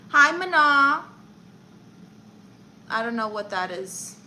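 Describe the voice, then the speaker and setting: A brash, chatty woman with a Brooklyn accent and a fairly high voice. She hosts an in-character comedy live stream, greeting viewers one after another and reading their comments aloud. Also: sing-song, slow pace, pushed and bright, a little hiss or hum, rough recording. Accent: Brooklyn New York. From Brooklyn, New York. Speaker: livestream comedy host.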